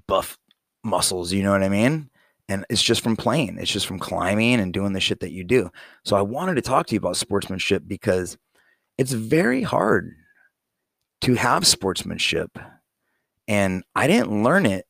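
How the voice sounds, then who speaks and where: Gravelly-voiced man in his forties, blunt and profane. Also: on the low side, no room sound, studio quality. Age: 40s. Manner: blunt and profane, plain-spoken; rambling with many fillers. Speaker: father talking to his young daughter. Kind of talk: casual heartfelt monologue.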